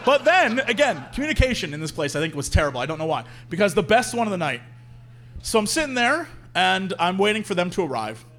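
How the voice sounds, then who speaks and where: Male podcast co-host, high and very lively voice, live-show storyteller who acts out the people in his tales. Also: fast.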